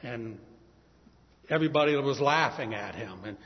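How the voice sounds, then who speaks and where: A man preaching a sermon, retelling a Bible story in a vivid, animated storytelling manner. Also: mid-range voice, normal speed, big-room sound, muffled recording.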